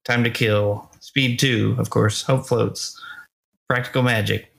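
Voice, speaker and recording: Gravelly-voiced guy rambling about an old movie, lots of uhs and restarts. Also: medium pitch, takes it slowly. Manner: relaxed, hesitant, many "uh"s and restarts. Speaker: podcast co-host. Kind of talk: casual movie review chat.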